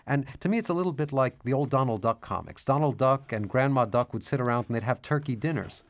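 A man with a gravelly, mid-pitched voice talks through his work as an author and cartoonist in a radio interview. He is thoughtful and restarts his sentences as he searches for words. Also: expressive, fast. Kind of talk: interview, reading his book aloud.

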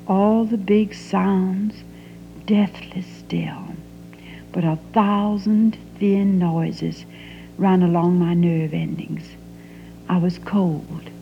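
A woman playing a grown Southern daughter confronting her father, in an impassioned dramatic monologue that often sinks to a whisper. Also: lowish voice. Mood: haunted. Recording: slightly muffled 1970 broadcast with faint hum.

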